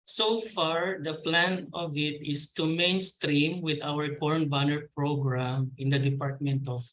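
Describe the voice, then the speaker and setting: Filipino man, fairly high and forceful, courteous and halting as he answers a moderator's questions. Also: level tone, a little hiss or hum, low-quality recording. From Philippines. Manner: polite, addresses the host as ma'am, hesitant with fillers. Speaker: agricultural extension officer.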